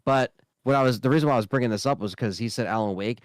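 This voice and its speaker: Man, casual podcast co-host, easygoing, hesitant, smooth voice, dry close sound. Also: medium pitch, very fast, no echo. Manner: easygoing, hesitant, many restarts. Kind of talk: casual gaming podcast chat.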